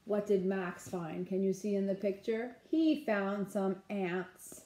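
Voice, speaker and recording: Reading a picture book aloud to children, a female nursery school teacher animatedly stops to ask them questions. Her voice is of medium pitch and slow, in a reverberant space.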